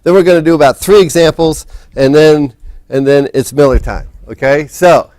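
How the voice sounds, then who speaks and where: A man's voice: a little high, normal speed, darkish tone, no echo. Rambling male physics lecturer, dry sound. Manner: rambling, restarts often, talks while setting up. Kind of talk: casual classroom lecture. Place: lecture hall.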